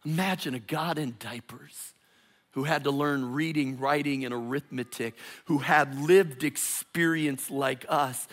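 A man preaching a sermon as pastor, delivering it dramatically, dropping to hushed tones and rising to loud calls. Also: on the high side, measured pace.

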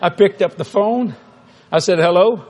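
A preacher telling a story in a sermon, animated and humorous, acting out the dialogue. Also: male voice, high-pitched, normal speed, a little hiss or hum.

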